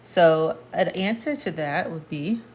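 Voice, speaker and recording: A woman with a fairly low voice teaches a relaxed language lesson. She explains each point patiently and goes over it again, talking straight to the viewer. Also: slow, a little hiss or hum. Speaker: Spanish teacher.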